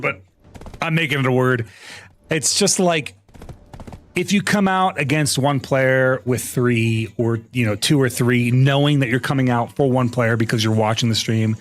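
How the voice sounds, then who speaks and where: Male gaming streamer, mid-pitch, loose rambling chat with viewers, lots of restarts. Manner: rambling, answers chat, many fillers and restarts. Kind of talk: casual live-stream chat.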